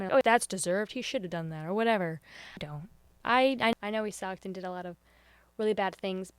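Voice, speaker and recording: A woman giving a casual spoken review of a show, earnest and openly emotional, with sudden excited jumps, soft near-whispers and hesitant restarts. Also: medium pitch, smooth, no room sound.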